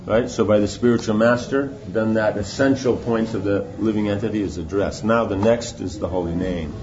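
A man's voice: fairly low pitch, normal speed, background noise. Male teacher for a casual scripture class; conversational, keeps asking "right?", slightly dull recording. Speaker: spiritual teacher.

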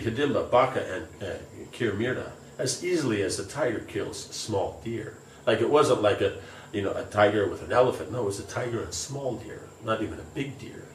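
A man with a fairly low voice reads scripture aloud and explains it in a casual way, using plenty of fillers. The recording is roomy and distant, with faint ambience and a little hiss or hum.

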